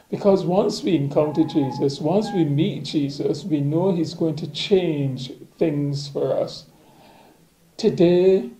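A man preaching a daily reflection, reading scripture and musing on it at a slow, thoughtful pace. His voice sits a little high for a man, yet it has a mellow, gravelly texture. The room around him rings with echo. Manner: slow, measured, reflective delivery.

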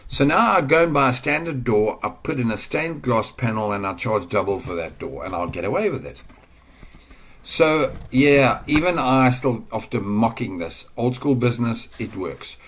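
A man's voice: mid-range voice, expressive, moderate pace, a bit bright. A man giving a casual screen-share lesson on online marketing. He rambles and chats, and he drifts off the mic now and then while working at his computer.

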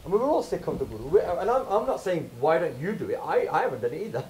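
A man from the UK giving an informal lecture to a camp audience, animated and questioning, mixing Punjabi phrases into English. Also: a little high, quick pace, a little hiss or hum, low-quality recording. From United Kingdom.

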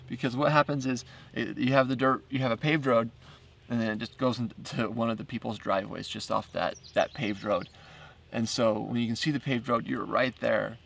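Man, gravelly voice, casual storytelling, halting with repeats and small laughs, a little away from the mic. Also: mid-range voice, fairly even intonation, fairly bright tone, far from the mic. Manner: halting, repeats words, laughs between phrases. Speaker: filmmaker narrating his documentary. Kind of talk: casual first-person storytelling.

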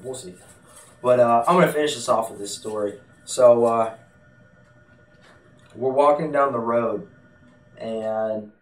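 Blunt, profane man in an echoey room. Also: mid-range voice. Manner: blunt and profane, swears freely. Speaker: vlogger. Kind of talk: casual storytelling to camera. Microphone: desktop USB mic. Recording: echoey room, distant from the mic.

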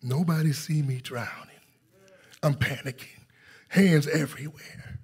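A husky-voiced male pastor preaches in a church sanctuary. He tells a story and calls out to his congregation, then rises to excited intensity. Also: fairly high pitch, measured pace. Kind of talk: sermon.

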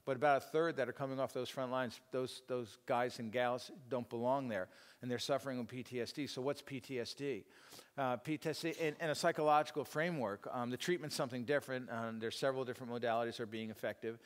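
A man's voice: mid-range voice, steady tone, fast talker. A middle-aged man giving an informal church teaching talk, rambling and self-deprecating, with many fillers and restarts. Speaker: speaker at a church teaching session. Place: church hall. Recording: long hall reverb.

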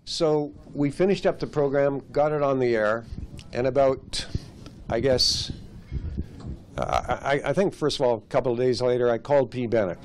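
A man's voice: medium pitch, normal speed, a little hiss or hum. A man, a former radio broadcaster, telling an anecdote at a restaurant gathering and acting out the dialogue as he goes. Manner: lively storyteller acting out quoted dialogue.

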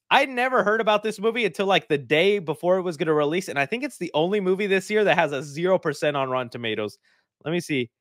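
A man's voice: on the high side, a bit bright, no room sound, clean studio sound. A man who reviews movies, giving casual reaction commentary with rambling, jokey asides.

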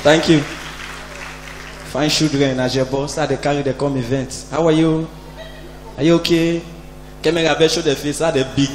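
A man's voice: fairly high pitch, level tone, moderate pace, pauses often, a faint crowd. A man in his forties with a Nigerian Pidgin English accent, performing a stand-up comedy routine on stage and acting out every character in his jokes. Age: 40s. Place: live event stage. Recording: echoey hall, faint hum.

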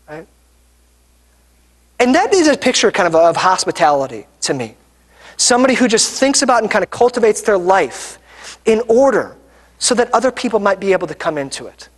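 A man's voice: high-pitched, in a large hall. A young adult man and pastor preaching a sermon in a conversational, storytelling way, with many fillers and restarts.

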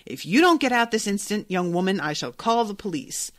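A woman's voice: low voice, sing-song, a little slow, a bit bright, dry recording, full character voice. A woman reading aloud as a rude middle-aged man who barks scornfully. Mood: barking. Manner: barking and scornful.

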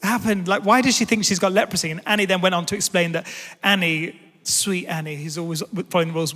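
Guy in his 30s preaching, high voice, lively storytelling, big echoey church hall. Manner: animated, self-deprecating storyteller. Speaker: pastor. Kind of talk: sermon with personal storytelling.

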